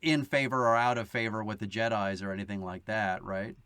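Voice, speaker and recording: A man's voice: fairly low pitch, fairly even intonation, fairly quick, a bit bright, clean tone, dry recording, clean studio sound. A man co-hosting a podcast in casual chat, easygoing and agreeable. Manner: easygoing, laughs along, agreeable. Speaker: podcast co-host.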